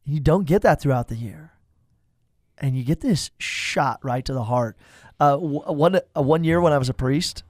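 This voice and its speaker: Priest guy, kinda high voice, animated storyteller, laughs easy, dry sound. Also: normal speed, dry recording. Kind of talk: casual conversation about church liturgy.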